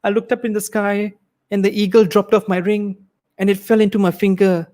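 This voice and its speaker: A young man from Malaysia performing a livestreamed stand-up set, acting out characters. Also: a little fast. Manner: animated, acts out characters with big pitch swings. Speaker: stand-up comedian.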